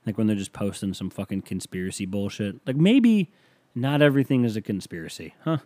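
A man's voice: lowish voice, lively intonation, fairly quick, warm tone. A man hosting a solo comedy podcast, delivering a rambling, sarcastic monologue full of swearing. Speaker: podcast host.

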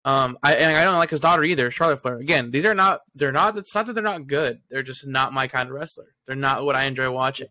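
A man's voice: medium pitch, quick pace, few pauses, sharp tone, no echo. A young man hosting a casual chat with his father, eagerly asking questions and chiming in. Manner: eager, asks and chimes in. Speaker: podcast host.

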